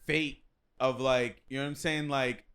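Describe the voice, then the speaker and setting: A man's voice: mid-range voice, fairly even intonation, normal speed, fairly bright tone. A young man co-hosting a comedy podcast, chiming in with joking interjections in casual chat. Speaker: podcast co-host.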